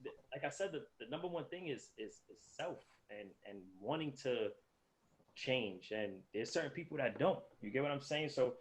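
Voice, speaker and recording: A man's voice: mid-range voice, animated, normal speed, poor audio. A man co-hosting a casual podcast, reflective and agreeable, speaking in casual slang. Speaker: podcast co-host.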